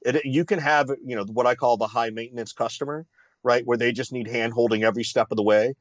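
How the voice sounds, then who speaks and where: A man's voice: mid-range voice, fairly even intonation, quick pace. A man guesting on an interview explains his ideas in a confident, teacherly way, tossing in rhetorical "right?" checks. His mid-range voice comes through slightly dull and lo-fi. The sound is dry, with no echo. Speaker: sales consultant, guest.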